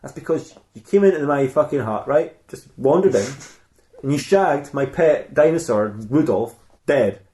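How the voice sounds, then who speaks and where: A man's voice: fairly high pitch, animated, a little slow, warm tone. A man voicing a vindictive, foul-mouthed old village witch woman in a crude, swearing rant. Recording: roomy echo.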